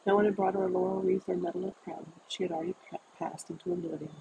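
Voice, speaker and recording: A reader narrating a literary novel at a measured, deliberate pace, sometimes restarting a word. The voice is gravelly and mid-pitched. The recording is noisy. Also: level tone, warm tone, lo-fi sound. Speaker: audiobook reader.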